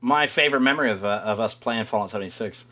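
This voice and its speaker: A man's voice: lowish voice, fast, bright, forceful tone. A man co-hosting a podcast in casual chat, rambling, swearing freely and laughing often. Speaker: podcast co-host.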